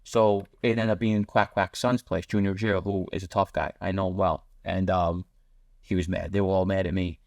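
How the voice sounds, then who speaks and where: A podcast guest tells blunt street stories at a rapid clip, voicing other people in quotes. His low, gravelly voice shows little pitch movement, recorded in studio quality with no echo.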